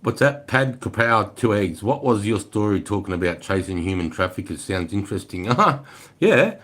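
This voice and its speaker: A man in his forties with an Australian accent and a slightly low voice. He talks loosely on a livestream, answering viewers. His speech is blunt and heavy with swearing, and he throws in "mate" and "bro" all the time. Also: expressive, normal speed, fairly bright tone. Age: 40s. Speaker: livestream host.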